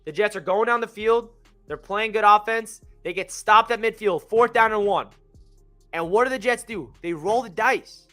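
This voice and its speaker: A young man hosts a fan channel game recap, talking fast and excitedly, often circling back to correct details. His voice sits high and sounds bright and forceful. Faint music plays underneath. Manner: energetic, rambling, self-correcting. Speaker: sports fan channel host.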